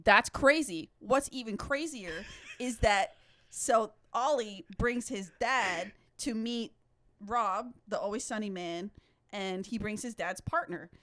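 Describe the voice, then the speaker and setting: A woman's voice: mid-range voice, slow, a bit bright. A woman co-hosting a casual podcast, telling a rambling, laughing story full of fillers. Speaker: podcast co-host. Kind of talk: casual chat.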